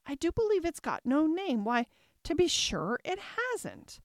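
A woman's voice: high voice, huge pitch swings, unhurried, dry recording, clean studio sound, voice pushed up, heavily acted. A woman voicing Alice, a curious young girl who chatters and wonders aloud to herself in a storybook reading. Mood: wondering.

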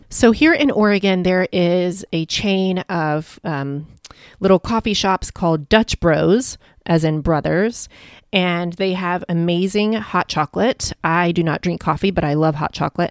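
A woman's voice: on the low side, dry recording, studio quality. A woman hosting her own podcast as a life coach, telling stories in a chatty, upbeat way. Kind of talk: casual solo podcast monologue.

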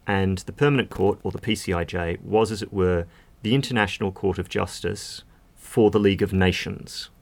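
A man's voice: low voice, normal speed, creaky. A man speaking as a legal expert guest in a podcast conversation, explaining at length with casual fillers.

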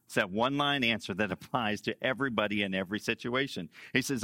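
Bright-voiced preacher, emphatic and dry. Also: male voice, fairly low pitch, fast, no room sound. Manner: emphatic, repeats key phrases, swings between loud and hushed. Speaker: pastor. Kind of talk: sermon.

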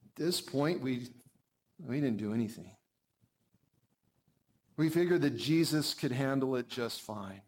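A man preacher telling a story in first person as a character, shifting from animated to hushed. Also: medium pitch, unhurried, long pauses. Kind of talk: first-person dramatic sermon monologue.

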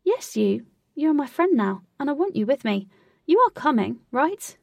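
A woman voicing a forthright, confident young woman who talks in a brisk, bossy, upbeat way. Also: high voice, sing-song, gravelly, a little mellow, no room sound, clean studio sound, far from the mic, pitched above the performer's own voice, heavily acted. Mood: eager.

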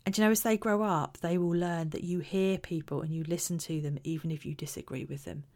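Female, lower-pitched, warm-toned educator for parenting advice. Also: fairly even intonation, brisk. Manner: gentle, earnest, acts out example phrases. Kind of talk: talking-head advice talk.

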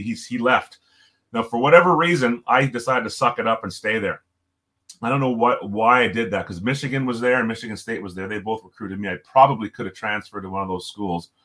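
A man's voice: on the low side, a bit bright. A middle-aged man casually telling a story about his college hockey days, often repeating words and restarting sentences.

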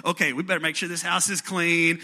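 A man, preaching a sermon as pastor in a conversational way that rises to animated bursts. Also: a little high, a little fast.

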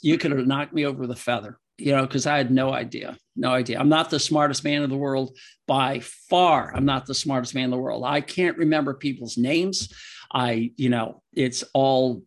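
A man, a veterinarian and author, answering interview questions casually with rambling, emotional anecdotes and frequent laughter. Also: medium pitch.

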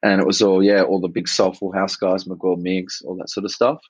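Laid-back Australian man, low and dull. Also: level tone, moderate pace, husky, no room sound. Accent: Australian with a slight English twang. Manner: laid-back, rambling, many ums. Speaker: guest, club promoter and DJ. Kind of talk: casual interview.

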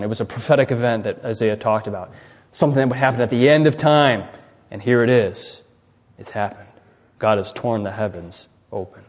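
A man preaching a sermon who keeps checking in with listeners with "right?" and swings from loud emphatic peaks to quiet dropped endings. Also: lowish voice, brisk. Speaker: pastor. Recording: dull, reverberant hall recording.

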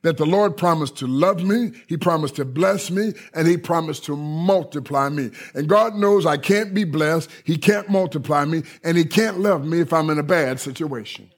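High, gravelly, husky preacher man. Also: normal speed, few pauses. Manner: emphatic and repetitive, often checking listeners are following. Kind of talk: sermon.

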